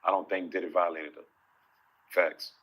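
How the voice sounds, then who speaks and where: A man's voice: low-pitched, level tone, normal speed, a bit bright, low-quality recording. A man in an interview clip, speaking in a blunt, matter-of-fact way.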